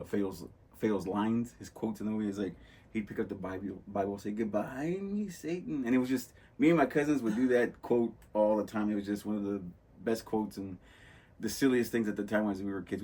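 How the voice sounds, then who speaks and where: A man with a fairly low, slightly mellow voice and a breathy edge hosts a podcast. Casual and rambling, he tells movie stories and loosely acts out their lines.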